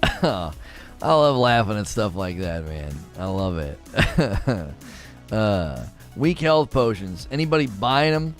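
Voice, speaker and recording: A man's voice: fairly low pitch, big pitch swings, slow pace, soft background music. A young man streaming a game, talking casually, reading chat and laughing often at his own jokes. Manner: chatty, laughs often, mocking jokey asides.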